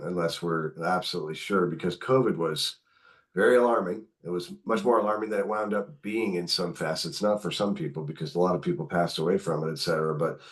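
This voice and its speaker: A middle-aged man, a podcast guest, candidly recounting caring for his mother, acting out the dialogue as he goes. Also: low voice. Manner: candid, animated retelling with quoted dialogue. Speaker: podcast guest, author and caregiver. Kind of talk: conversational storytelling.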